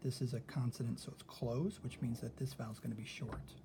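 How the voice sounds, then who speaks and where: A man teaching a recorded lesson, thinking out loud as he works through examples and often checking in with "okay?". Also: medium pitch, fairly even intonation, a little fast, gravelly, background noise.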